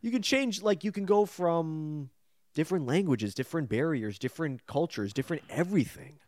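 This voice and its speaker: A man's voice: fairly high pitch, moderate pace, no echo, clean studio sound. A young man hosting a podcast, retelling and praising eagerly in casual chat. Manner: enthusiastic, animated retelling. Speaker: podcast host.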